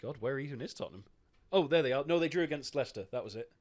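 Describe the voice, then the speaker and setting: Brief: man, podcast co-host, mid-pitched, loose and sweary, laughs easily. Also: animated, racing, a little mellow. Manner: chatty, swears freely, laughs often. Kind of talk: casual football chat.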